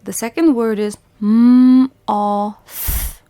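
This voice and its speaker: Very slow, patient woman teaching phonics. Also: mid-range voice, lively intonation, a little mellow. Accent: Bhutanese English. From Bhutan. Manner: slow, patient, sounds out each letter and repeats words. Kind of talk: phonics lesson for young children.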